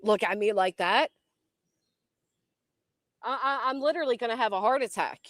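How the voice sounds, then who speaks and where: A woman's voice: fairly high pitch, moderate pace, fairly bright tone, no room sound, studio quality. A woman hosting a casual commentary livestream outdoors by a tree, jumpy and swearing a lot as she talks to her chat.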